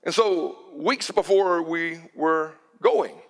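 A man delivers a sermon in a relaxed, storytelling way. His voice swings from bright and emphatic to quiet and soft as he speaks. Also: on the high side, takes it slowly, gravelly. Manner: conversational storytelling, moves from loud and animated to hushed and soft. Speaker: pastor.

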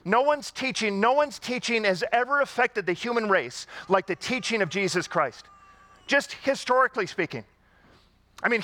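A man's voice: sits high, bright, forceful tone, dry recording. A man preaching a sermon to a congregation, in a conversational style with rhetorical questions and emphatic repetition. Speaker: pastor.

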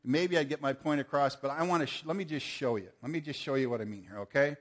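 A man preaching a sermon, swinging from forceful declarations to playful banter with volunteers he calls on stage. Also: medium pitch, fast talker. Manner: rises to forceful proclamations, then playful and joking with volunteers. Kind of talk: sermon with live audience demonstration.

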